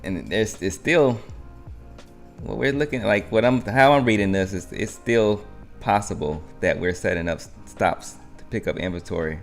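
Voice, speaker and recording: A man's voice: on the low side, moderate pace, creaky, soft background music. A man hosting a live trading stream, narrating market moves in a rambling, think-aloud way.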